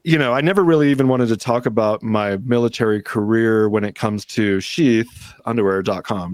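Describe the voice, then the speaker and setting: A man's voice: on the low side, moderate pace, no room sound. A man hosting a podcast, talking in a laid-back way with lots of fillers. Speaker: podcast host. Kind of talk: casual chat.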